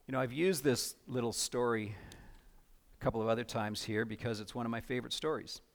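A man preaching a sermon as pastor, earnest, building to loud emphatic passages. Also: mid-range voice, gravelly.

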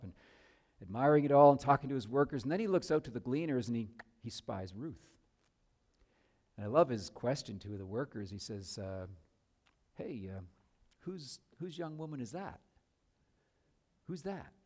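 Animated storytelling male preacher. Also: mid-range voice. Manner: animated storyteller with joking asides. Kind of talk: sermon.

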